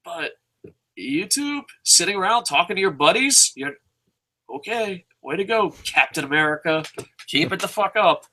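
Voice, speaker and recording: Co-host, male. Profane, animated ranter with a piercing, fairly high voice. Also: moderate pace. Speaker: podcast co-host. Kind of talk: casual chat.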